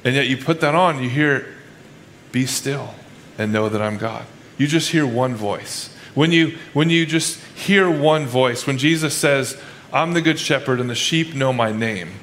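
A male pastor delivers a casual, conversational sermon in a medium-pitched, fairly bright voice at normal speed. He keeps restarting sentences and voices people's inner thoughts as quoted asides. A little hiss or hum sits under the recording.

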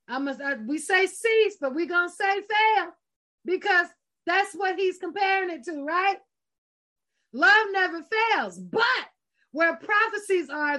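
A woman's voice: very high voice, sharp tone. A woman preaching a sermon with fervent, emphatic delivery, repeating phrases and breaking into exclamations.

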